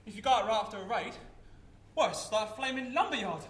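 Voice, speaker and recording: A man acting a calm, reassuring wartime father in a live stage play. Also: sits high, quick pace, recorded from a distance. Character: reassuring wartime London father, middle-aged, steady. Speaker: stage actor. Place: theatre stage. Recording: echoey theatre stage with faint ambience.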